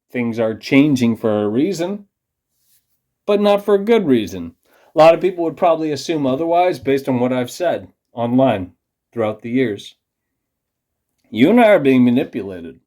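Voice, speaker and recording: A man's voice: mid-range voice, dark tone. A man ranting in a rambling, profane, conspiratorial monologue to camera, a little tipsy from beer. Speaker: vlogger.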